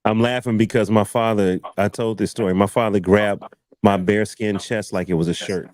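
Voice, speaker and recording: Laughing animated man host. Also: fairly low pitch, normal speed. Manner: animated, laughs while telling stories. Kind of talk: casual panel chat.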